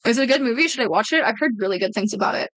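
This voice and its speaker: A high-pitched woman chats loosely with her stream viewers, wandering between thoughts and cutting herself off mid-sentence. She swears freely and casually. The sound is dry and close, with no room echo. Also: lively intonation, rapid-fire, a bit bright. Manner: rambling, profane, self-interrupting. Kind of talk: casual livestream chat with viewers.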